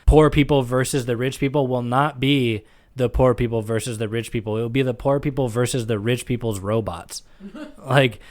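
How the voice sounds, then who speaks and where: A male podcast co-host in casual chat who launches into profane, animated rants. His voice is at a middle pitch for a man. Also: moderate pace.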